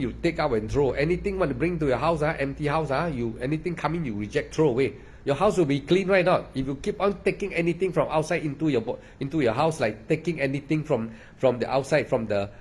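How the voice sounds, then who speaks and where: A man's voice: on the high side, darkish tone, husky. A man giving a meditation dharma talk, repeating himself and peppering his speech with "ah" and "lah". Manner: repetitive, emphatic, with frequent "ah" and "lah". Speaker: meditation teacher.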